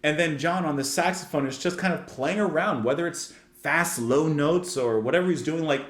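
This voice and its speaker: A man's voice: a little high, moderate pace, roomy sound. A man hosting a music reaction channel, reviewing a song in casual, enthusiastic speech that rambles with lots of "like" and restarts.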